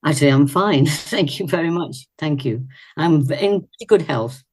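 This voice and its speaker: Older actress from Leicester, England, as an interview guest; husky, animated storyteller with self-corrections, over a video call. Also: female voice, low voice, moderate pace. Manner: chatty and animated, with little laughs and self-corrections. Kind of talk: reminiscing in a casual interview. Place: indoors at home.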